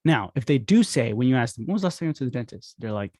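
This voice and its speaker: A man in a casual instructional talk who acts out phone calls with quick voice shifts. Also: medium pitch, animated, a little mellow, dry recording, studio quality. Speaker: podcast host teaching dental marketing.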